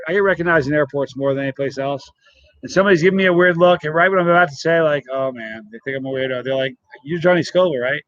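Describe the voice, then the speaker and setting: A man's voice: fairly high pitch, a bit bright, no room sound, lo-fi sound. Chatty man greeting live-stream viewers. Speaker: channel host reading live chat. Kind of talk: casual live-stream chat.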